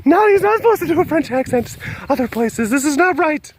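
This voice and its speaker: A man's voice: very high-pitched, big pitch swings, fairly quick, slight background noise, voice pushed up. A man putting on a whiny, fussy heckler. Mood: indignant. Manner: petulant, complaining. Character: fussy whiny nitpicking heckler, high and indignant.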